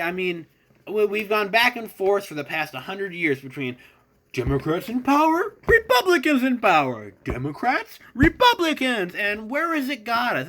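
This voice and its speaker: Male podcast host, mid-pitched, casual opinionated rant with sarcasm and filler words. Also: bright, forceful tone.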